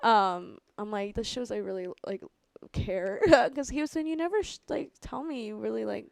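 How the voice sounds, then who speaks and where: A young woman chatting as a guest, her voice pitched a little high and recorded dry and close. She tells her story with lots of laughter and acts out what she said at the time. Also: moderate pace, vocal fry, dry recording. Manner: animated storyteller, laughs often, acts out her own past lines. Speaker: guest musician. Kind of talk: casual chat.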